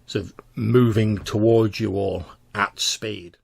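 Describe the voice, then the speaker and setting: A man's voice: lowish voice, steady tone, slow pace, creaky, breathy edge. A man narrating as game master of a tabletop game, describing scenes with frequent fillers.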